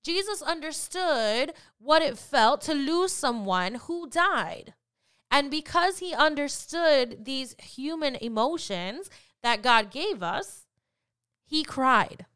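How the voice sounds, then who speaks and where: A woman's voice: sits high, lively intonation, slow, fairly bright tone. A woman hosting a faith podcast, talking in an earnest, encouraging way and often repeating phrases for emphasis. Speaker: podcast host.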